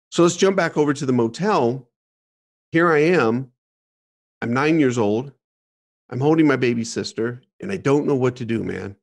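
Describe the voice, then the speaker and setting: A man's voice: medium pitch, measured pace, long pauses. A middle-aged man telling a frank personal story as a podcast guest, repeating words and swearing casually. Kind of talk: candid storytelling interview.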